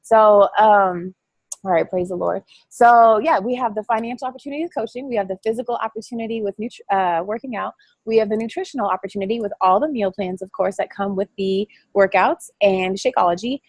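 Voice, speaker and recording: A woman giving a chatty, excitable motivational talk to her coaching team over a call, rambling and quick to laugh. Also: mid-range voice, no echo. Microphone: phone or call line.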